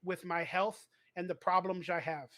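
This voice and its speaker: A man's voice: high-pitched, steady tone, moderate pace, fairly bright tone. A man livestreaming to his viewers, talking earnestly with a slight lisp.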